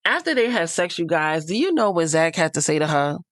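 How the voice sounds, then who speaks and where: A woman's voice: deep voice, very animated, a little fast, dry recording, studio quality. A woman hosting a casual reality TV recap, chatty and gossipy, with frank asides.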